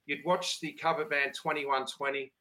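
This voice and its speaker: A man's voice: on the high side, flat delivery, moderate pace, sharp tone, a little hiss or hum, low-quality recording. An Australian man hosting a casual chat, telling food stories with laid-back enthusiasm. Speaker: podcast host.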